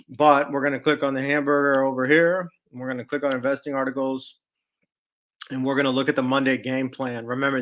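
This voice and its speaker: A man's voice: mid-range voice, a bit bright. A middle-aged man with a Texas accent giving chatty, folksy stock market commentary over a screen share, with salesy asides and restarts. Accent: Texan.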